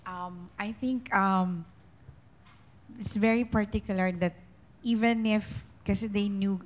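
A woman answering a teacher's question in class, speaking haltingly. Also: medium pitch, steady tone. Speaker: class participant.

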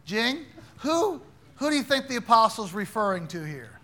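A man's voice: extremely high pitch, very animated, moderate pace, sharp tone. A man teaching an interactive Bible class, quizzing his students in a playful, teasing way.

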